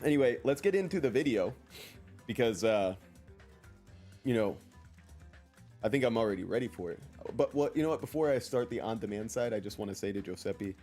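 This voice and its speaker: While gaming on stream, a young man banters casually with his audience and voices chat messages in silly impressions. He speaks at a medium pitch, brisk and expressive with frequent pauses, his tone darkish, and faint music runs underneath.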